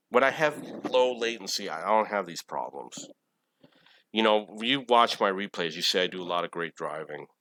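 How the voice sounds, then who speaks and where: A man's voice: sits low, animated, normal speed, pushed and bright. A man in his forties giving casual, rambling commentary over his own gameplay replay, swearing often when irritated. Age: 40s. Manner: rambling, profane, easily irritated.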